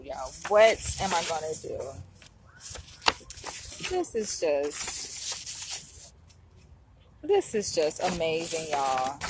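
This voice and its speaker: A young woman talks in a slow, unhurried vlog chat. She sounds teary and softly gushing. A faint hiss sits behind her voice. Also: fairly low pitch. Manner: emotional, softly gushing, says "y'all" often. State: teary after crying. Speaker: vlogger.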